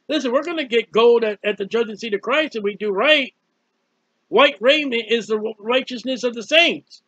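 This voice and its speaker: Man preaching hard, high voice, mocking, kinda dull lo-fi sound. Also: normal speed, sharp tone, no room sound. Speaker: street preacher. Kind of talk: fiery sermon. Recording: dull, dry lo-fi recording.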